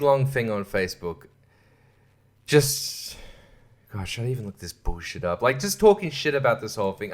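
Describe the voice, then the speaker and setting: A man hosting a solo podcast, ranting with lots of swearing, frequent laughter and hushed asides. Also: fairly low pitch. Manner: profane, ranting, laughs often. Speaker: podcast host.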